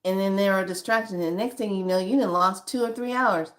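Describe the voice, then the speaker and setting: A woman's voice: medium pitch, fairly quick, a bit bright. A woman giving spiritual guidance in an emphatic, conversational way, addressing her listeners directly as honey. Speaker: spiritual guide.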